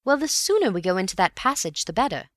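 A woman reader voicing an eager young Englishman, a cheerful friend who talks in brisk, breezy upper-class slang. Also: mid-range voice, big pitch swings, dry recording, studio quality, pitched above the performer's own voice, lightly acted. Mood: puzzled.

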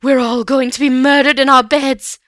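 A woman's voice: medium pitch, sing-song, moderate pace, bright, forceful tone, no echo, studio quality, voice pushed up. A woman voicing a nervous older woman who is fretful and quavering with panic. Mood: panicked. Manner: anxious, fretful.

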